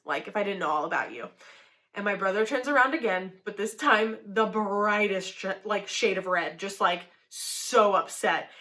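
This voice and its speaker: A young woman giving a casual youth sermon, telling a story in a chatty, animated way with lots of "like" fillers. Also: fairly high pitch. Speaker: youth ministry speaker.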